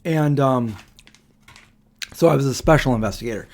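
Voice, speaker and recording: A man in his forties hosting a live Q&A stream, telling stories in a rambling, halting way with many pauses and restarts. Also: mid-range voice, a little hiss or hum. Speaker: livestream host. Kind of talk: casual storytelling on a live Q&A stream.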